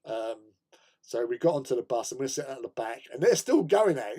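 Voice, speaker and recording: A man's voice: medium pitch, lively intonation, a little fast, mellow. An English man hosting a casual hobby stream, rambling through a travel story with many fillers and laughs. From England. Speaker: host.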